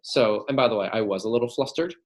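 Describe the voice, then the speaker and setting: A man's voice: fairly low pitch, fast talker. A man casually coaching his receptionists on phone calls, often asking "right?" and acting out both sides of a call. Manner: frequent "right?" checks, acts out phone calls. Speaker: manager coaching staff.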